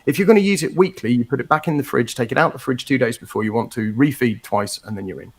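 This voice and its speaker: A man's voice: mid-range voice, quick pace, slightly rough. A man co-hosting a casual group chat, rambling with lots of fillers and restarts. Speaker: musician and co-host.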